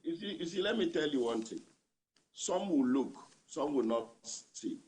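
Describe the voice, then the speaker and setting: A man's voice: on the high side, expressive, normal speed, darkish tone. A man with a Nigerian accent, a labour union leader answering a news interviewer by remote line, repeating his points for emphasis.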